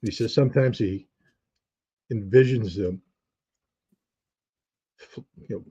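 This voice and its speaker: A man's voice: fairly low pitch, takes it slowly, mellow, husky, muffled recording. A man, a guest on an interview show, telling stories reflectively with frequent restarts and fillers. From United States. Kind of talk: conversational storytelling.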